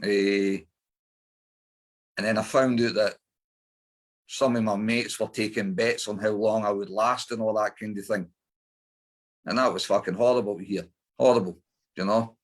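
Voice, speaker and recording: A man's voice: fairly low pitch, steady tone, moderate pace, pauses often. A middle-aged man with an Edinburgh Scottish accent, a guest in an interview, telling his life story bluntly with lots of swearing and fillers. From Scotland.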